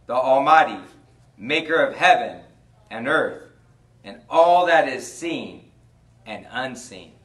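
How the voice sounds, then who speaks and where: A man preaching as a pastor in a conversational storytelling way, sometimes dropping quiet and slow. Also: fairly high pitch, distant mic. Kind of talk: sermon. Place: church.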